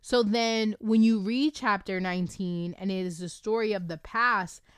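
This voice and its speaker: A woman host excitedly talking through a book she loves, gushing with lots of fillers, in a casual review chat recorded at home on a desk microphone. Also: mid-range voice, moderate pace, smooth, no echo, studio quality. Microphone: desk microphone with camera.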